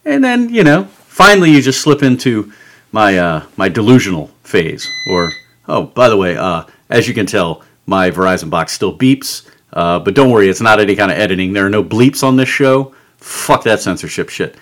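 Here the podcast host speaks in a lowish, expressive voice with a bit of brightness, keeping a moderate pace. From a home studio, he delivers an angry, sarcastic, swear-laden comedic rant.

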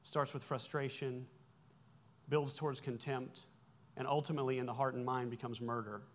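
Here a fortyish pastor talks at a moderate pace in a medium pitch that barely moves. He walks through Greek terms conversationally during his sermon, fixing his own slips and adding wry remarks.

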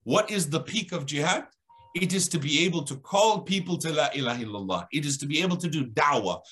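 A man speaks as a guest on an Islamic talk show. His voice has a bright, forceful edge. He tells a story with lively, dramatic emphasis that rises and falls. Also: a little high, brisk.

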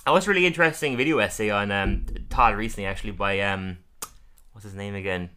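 A man's voice: on the low side, fast, bright, forceful tone. A man co-hosting a podcast, giving a casual review in which he laughs often and stumbles over repeated words as he restarts. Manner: laughs often while recapping scenes. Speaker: podcast co-host. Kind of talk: casual episode review chat.

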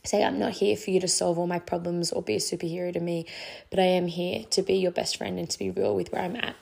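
A woman's voice: lowish voice, level tone, quick pace, vocal fry, darkish tone. Woman, young adult, podcast host, out of breath, earnest, rambling faith talk. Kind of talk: casual faith podcast monologue.

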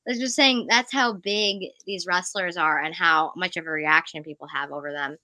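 Bright excitable woman rambling on a home stream chat, dry close sound. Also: mid-range voice, moderate pace, clear, resonant tone, no room sound. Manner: excitable, rambling, jumps between thoughts. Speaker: podcast co-host. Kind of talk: casual fan chat.

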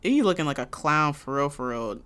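A woman's voice: low-pitched, expressive, brisk, fairly bright tone, smooth. Laid-back woman podcast co-host. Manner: laid-back, laughing, blunt commentary. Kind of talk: casual chat.

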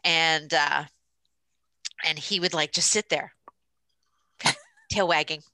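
A woman's voice: low-pitched, takes it slowly, pushed and bright, low-quality recording. A woman co-hosting a podcast, telling stories in a blunt, joking, casual way. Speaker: podcast co-host, doula. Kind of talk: casual chat.

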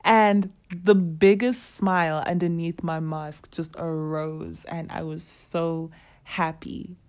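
Casting: young woman, low-ish voice, lively casual storyteller who acts out dialogue. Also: slow pace. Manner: animated, acts out quoted dialogue, laughs often.

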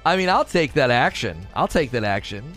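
Give me a man bantering with his stream viewers, lively and teasing, with faint music behind. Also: medium pitch, moderate pace. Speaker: livestreamer reading chat. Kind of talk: casual livestream chat.

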